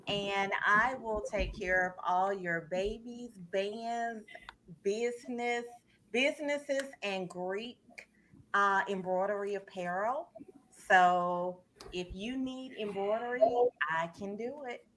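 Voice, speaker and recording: A woman of middle pitch talks slowly and cheerfully, promoting her small business on a panel show. She spells out her details with care, and a faint hiss of noise sits under her voice. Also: fairly bright tone.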